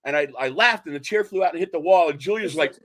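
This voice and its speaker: A man's voice: fairly high pitch, fast talker, a bit bright. Rambling middle-aged man hosting a talk show. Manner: rambling, laughs at his own stories. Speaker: radio show host. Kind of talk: casual banter and joke telling.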